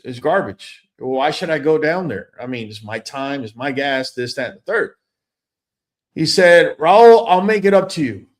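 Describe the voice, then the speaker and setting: A man with a notably high-pitched voice tells a story in a loose, casual way. He is animated and emphatic, blunt in his opinions and quick to curse.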